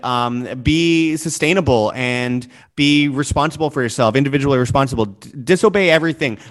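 A man hosting a talk show, speaking in a forceful, preachy way and swearing at times. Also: a little high. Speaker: show host. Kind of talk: impassioned commentary.

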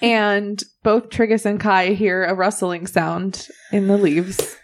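A woman narrating a tabletop game as game master, slow and easygoing, with small laughs. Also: mid-range voice, level tone.

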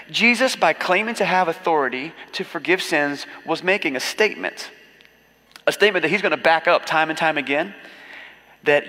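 A man's voice: a little high, expressive, moderate pace, sharp tone, long reverb tail. A man preaching a sermon as a pastor, in a casual, joking storytelling manner with acted asides.

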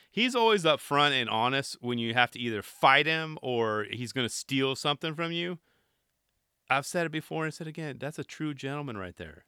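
Man with a sharp, bright voice. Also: mid-range voice, smooth, dry recording, clean studio sound. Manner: chatty and rambling, with joking asides. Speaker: reaction commentator. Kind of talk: casual reaction commentary.

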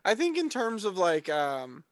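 A man with a high voice talks casually on a podcast, rambling and restarting his sentences. The sound is dry and close, with no room around it. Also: huge pitch swings, unhurried, no echo. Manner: rambling, frequent fillers and restarts. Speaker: podcast co-host. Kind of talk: casual chat reviewing a TV show.

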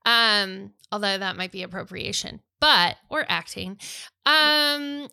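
A woman's voice: mid-range voice, animated, slow pace, vocal fry, sharp tone, smooth. A middle-aged woman co-hosting a podcast, chatting enthusiastically about books. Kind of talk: casual chat about books.

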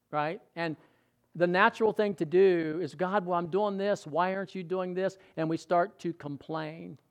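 A male preacher with a notably high voice delivers a sermon. He tells stories casually and keeps checking in with his listeners through questions. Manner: conversational storytelling, quizzing the congregation. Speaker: pastor.

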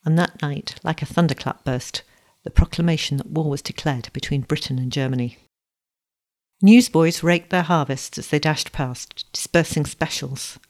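A woman narrating a storybook in a steady, expressive reading voice. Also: deep voice, moderate pace.

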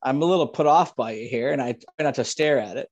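A man's voice: medium pitch, fast talker, a little mellow, muffled recording. A man from Ontario, Canada, a farmer talking as a podcast guest over a video call, ranting casually and swearing a lot. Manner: profane, ranting. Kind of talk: casual chat.

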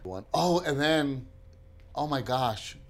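A man's voice: mid-range voice, slow pace. A man in his thirties co-hosting a casual chat, telling stories with lots of acted-out voices. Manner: animated storyteller, acting out voices. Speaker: podcast co-host.

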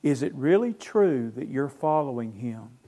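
A man preaching a sermon as pastor, emphatic, asking the congregation questions and answering them, his loudness swinging between phrases. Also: mid-range voice, animated, a little slow.

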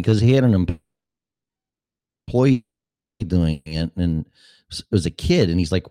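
This podcast host, a man in his fifties, wanders through a casual monologue in a blunt, profane style. His low voice is mellow and expressive at a normal speed. It's recorded with crisp studio sound and no room noise.

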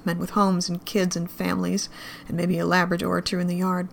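A woman reading a dark piece of fan fiction aloud, her voice gravelly with fry. She keeps a flat, even line and a grim, measured pace through the narration. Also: fairly low pitch, a little hiss or hum.

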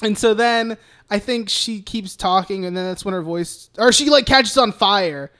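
A man's voice: high-pitched, a little slow, a bit bright, clean tone. Male podcast co-host, casual and profane, fills every gap with "like" and "uh.". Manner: profane, rambling retelling with lots of fillers. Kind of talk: casual chat recapping a film.

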